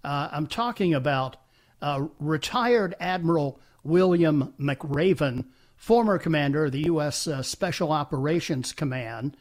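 A man's voice: on the high side, measured pace. A man hosting a call-in radio talk show, delivering opinionated commentary with pointed rhetorical questions.

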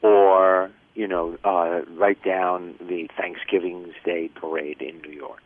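An older man chats as a guest and drifts into jokey stories in a casual way. His voice sits low and comes through a tinny phone line that sounds dry and close. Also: little pitch movement, slow, no echo. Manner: chatty, jokey storyteller. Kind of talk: casual chat.

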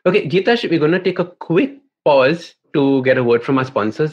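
A man's voice: fairly high pitch, lively intonation, normal speed. A man hosting a podcast interview, chatting casually, prompting his guest and sharing anecdotes. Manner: conversational, prompting, relates anecdotes. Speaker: podcast host. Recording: dull lo-fi sound.

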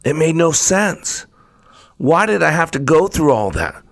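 A man's voice: a little high, big pitch swings, unhurried, creaky, dry recording, studio quality, pitched above the performer's own voice, exaggerated voice. A man voicing a plaintive talking teacup. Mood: bewildered. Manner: raised pleading cries.

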